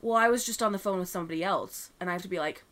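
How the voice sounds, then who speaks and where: A woman's voice: lowish voice, very fast. A woman co-hosting a casual chat, telling a story about a rude caller and acting out both sides of the phone call. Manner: animated retelling of a customer service call, acting out both sides.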